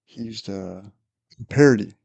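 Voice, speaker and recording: A man hosting a podcast, telling a work story in casual chat, his voice climbing high as he laughs through it. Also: measured pace, vocal fry, a little mellow. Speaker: podcast host, police officer.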